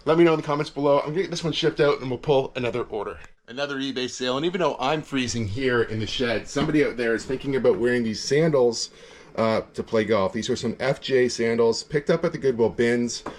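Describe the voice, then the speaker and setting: A man's voice: medium pitch, quick pace, slight background noise. Chill canadian guy talking resale stuff out in his shed, kinda rambly, lots of ums. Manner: easygoing, rambling, frequent fillers. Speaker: reseller vlogger. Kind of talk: casual vlog chat. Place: cold backyard shed with heater.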